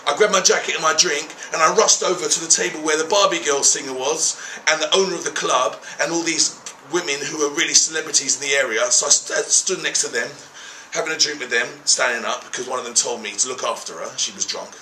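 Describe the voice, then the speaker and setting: A man's voice: a little high, quick pace, roomy sound, slight background noise, rough recording. A man telling a story casually, swearing freely and acting out the people in it. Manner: animated, profane, acts out quoted people. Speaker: travel documentary host.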